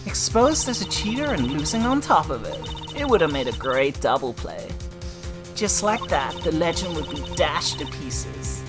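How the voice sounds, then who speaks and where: A woman's voice: deep voice, big pitch swings, moderate pace, over music, voice pushed up. A woman voicing a brash, cocky female card dealer testifying in a game courtroom. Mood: gloating.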